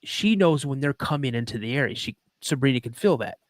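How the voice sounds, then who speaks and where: Speaking briskly in an expressive, mid-range voice with no room sound, this podcast host shares a personal story. He is earnest and emotional, acts out the conversations, and fills pauses with frequent ums.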